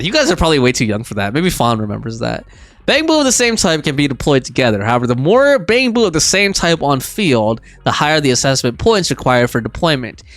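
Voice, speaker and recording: A man's voice: medium pitch, fairly bright tone, no echo. A man streaming a video game live, chatting and rambling as he plays and reads chat aloud. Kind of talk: live gameplay commentary.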